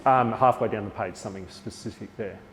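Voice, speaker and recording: A man's voice: on the low side, brisk, long reverb tail, a little hiss or hum. Australian man leading a teacher workshop. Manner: lively, acts out teacher lines with a bigger, brighter voice. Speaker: teacher trainer. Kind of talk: classroom workshop talk.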